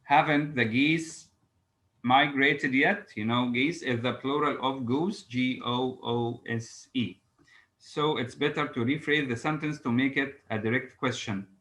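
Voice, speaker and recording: A man teaching an English grammar lesson, reading example sentences aloud slowly and pausing often with "uh". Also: mid-range voice, steady tone, fairly bright tone, poor audio. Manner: halting, frequent "uh" fillers, reads examples aloud slowly.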